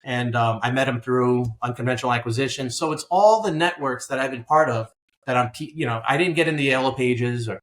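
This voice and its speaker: A man from Queens, New York, with a medium-pitched voice and a brisk delivery, guests in a conversational interview as a business buyer. He tells stories with energy, voicing the dialogue as he goes.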